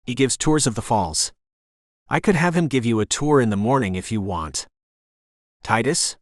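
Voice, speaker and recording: A man doing a brisk woman in her sixties with a faint Jamaican accent. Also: medium pitch, expressive, no echo, clean studio sound, lightly acted. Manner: brisk, rapid-fire and chatty. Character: energetic woman in her sixties, bed-and-breakfast owner.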